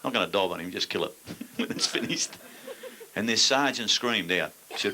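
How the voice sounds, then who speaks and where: A man's voice: lowish voice, expressive, normal speed, bright, forceful tone, slight background noise. An older man with an Australian accent, a stand-up comedian telling crude yarns with blunt, dry punchlines to a laughing audience.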